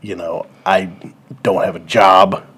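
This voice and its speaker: A man co-hosting a comedy podcast, rambling as he pitches a movie plot and acts out its lines. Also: little pitch movement, fairly bright tone, slightly rough. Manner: rambling, acts out lines in quick put-on voices. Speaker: podcast co-host. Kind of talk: casual comedy chat.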